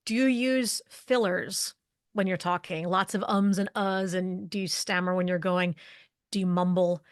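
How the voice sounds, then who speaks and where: A woman's voice: on the low side, fairly even intonation, unhurried, clear, resonant tone, no room sound, studio quality. A middle-aged woman guest on a podcast, explaining leadership presence in an articulate way, laying out points through strings of rhetorical questions. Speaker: leadership communication expert guest. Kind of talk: conversational podcast interview.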